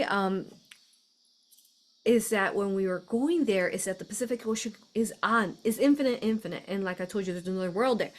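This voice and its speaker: A woman from the United States hosts a spiritual live stream in a loose, chatty way. She gushes, laughs often and keeps saying fillers as she talks her viewers through images on her screen. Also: medium pitch. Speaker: host of a spiritual live show. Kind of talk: casual live-stream talk.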